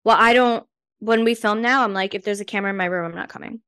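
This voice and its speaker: A woman's voice: medium pitch, quick pace, fairly bright tone, clean tone, no echo, clean studio sound. A woman with a New Jersey accent co-hosting a podcast, chatting casually with many fillers and incredulous teasing. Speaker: podcast co-host. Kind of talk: casual chat.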